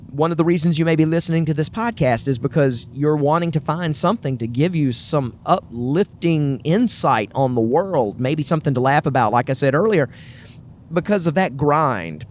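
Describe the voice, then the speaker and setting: A man with a Southern US accent hosts his own podcast, talking alone to listeners in an earnest, upbeat, chatty way. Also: a little high. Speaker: podcast host. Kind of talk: solo podcast monologue.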